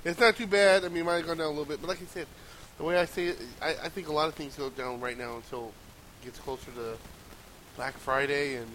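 A man's voice: on the high side, fairly even intonation, fast talker, fairly bright tone, poor audio. A man co-hosting a casual gaming podcast, chiming in with short remarks and banter. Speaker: podcast co-host. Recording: faint hiss.

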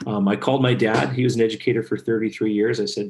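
A man's voice: lowish voice, fast. A middle-aged man, a guest speaker and author, telling stories in an earnest, heartfelt way during a podcast interview. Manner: earnest, animated storyteller, gets choked up.

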